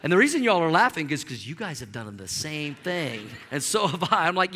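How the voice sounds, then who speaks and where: A middle-aged man, a pastor, preaching an animated, storytelling sermon in a church, often repeating words as he builds up steam. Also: a little high, a little fast, hardly any pauses, in a large hall. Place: church sanctuary.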